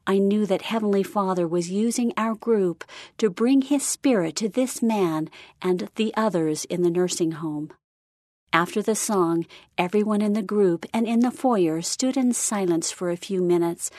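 A woman reading a short story aloud in an even, measured narration. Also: medium pitch, no echo, clean studio sound. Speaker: story reader. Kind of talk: scripted narration.

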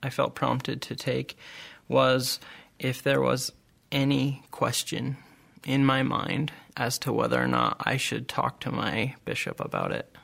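A middle-aged man with a gravelly, creaky voice tells a personal testimony. He speaks earnestly and haltingly, often pausing and restarting his sentences. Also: mid-range voice, fairly bright tone. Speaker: group member sharing testimony.

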